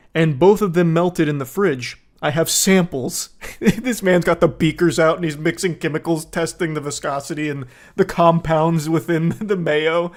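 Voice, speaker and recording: Guy reading dumb texts out loud and roasting them, sarcastic and incredulous, kinda high voice. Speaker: commentator. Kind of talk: comedic commentary reading text messages.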